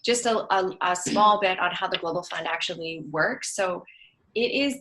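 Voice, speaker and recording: A woman on a webinar panel, speaking over a video call and calmly explaining how a funding program works. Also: on the low side, moderate pace, low-quality recording. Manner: explanatory, adds detail to others' answers.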